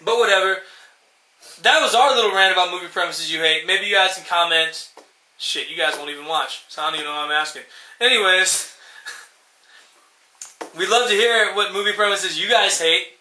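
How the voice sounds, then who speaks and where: A man's voice: high voice, normal speed, long pauses, sharp tone, reverberant, low-quality recording. A young man ranting sarcastically and profanely in casual chat, acting out movie lines as co-host. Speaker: podcast co-host.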